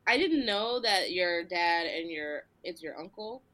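Her voice sits on the low side, expressive and unhurried with a fairly bright tone. The Delaware County comedian from the Philadelphia area hosts her casual podcast earnestly and reflectively, thinking out loud in long stretches.

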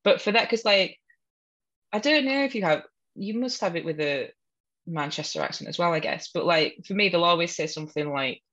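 A woman with a Hull accent in casual chat, blunt and quick to swear, laughing often. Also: lowish voice, fairly bright tone, muffled recording. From Hull, England.

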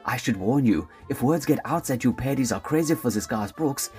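A man's voice: medium pitch, animated, fairly quick, a little mellow, soft background music, close to an everyday voice. A man with a put-on German accent voicing a stiff, condescending German man. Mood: sardonic. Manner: dry, condescending.

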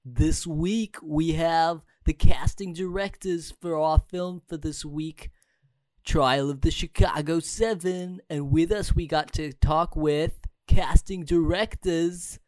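A showy announcer with an obviously fabricated accent, pitched up high above a normal speaking voice, as a man puts it on. The delivery is theatrical and dry, with no room sound. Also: fairly even intonation, slow pace, darkish tone, dry recording. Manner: exaggerated put-on accent, raised pitch. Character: showy fake-accented male podcast announcer.

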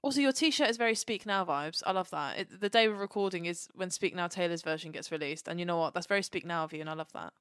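A woman co-hosting a podcast, chatting in an excitable, playful and sweary way. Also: on the low side, quick pace, hardly any pauses, clean tone, no echo, clean studio sound. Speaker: podcast co-host. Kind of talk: casual chat.

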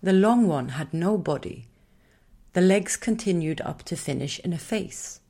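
A woman narrating a storybook in a slow, gentle storytelling manner. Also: fairly low pitch, lively intonation.

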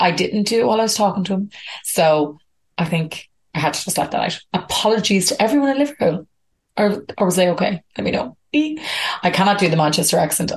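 An Irish woman hosting a podcast, chatting casually and rambling with frequent laughs. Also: lowish voice. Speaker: podcast host. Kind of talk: casual podcast intro monologue.

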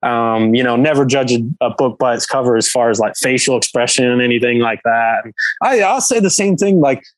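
A man's voice: medium pitch, brisk, no room sound, rough recording. Man rambling through a casual story. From England. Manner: rambling, many fillers like "like". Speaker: guest, professional hockey player.

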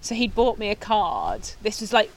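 A woman's voice: mid-range voice, very animated, moderate pace. A young woman, chatting casually as a podcast guest, laughing often and swearing offhandedly. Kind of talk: casual chat.

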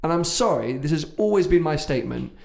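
Opinionated man, higher-pitched. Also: animated, brisk, creaky, a little mellow. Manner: opinionated, teasing. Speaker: podcast co-host. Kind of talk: casual car chat.

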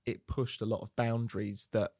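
Low-voiced man, thoughtful, dry sound. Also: level tone, normal speed, gravelly, darkish tone, no room sound. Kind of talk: casual film discussion.

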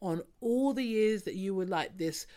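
A woman's voice: medium pitch, animated, moderate pace, warm tone. A woman hosting a podcast, chatting casually and teasing her co-host. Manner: cheeky, teasing, laughs often. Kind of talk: casual chat.

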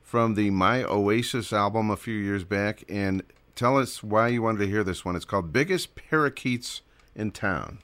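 A man hosts a radio show in a relaxed, chatty way. His voice sits very low. The sound is dry and close, with no room around it. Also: normal speed, dry recording. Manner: easygoing, filler-heavy, chuckles often. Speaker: radio host. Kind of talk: casual on-air chat.

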